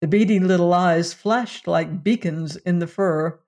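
An audiobook narrator giving a measured first-person reading of a story. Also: medium pitch, a little mellow.

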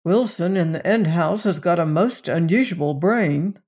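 An audiobook narrator voicing a calm, hesitant young male student in a storybook reading. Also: mid-range voice, a little slow.

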